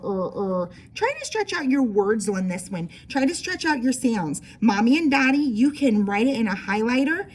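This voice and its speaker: A woman teacher with a fairly high voice walks young children through writing a sentence. She stretches out word sounds slowly and keeps an encouraging tone. Her delivery is patient and clear for early learners. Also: darkish tone. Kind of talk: early-grade writing lesson.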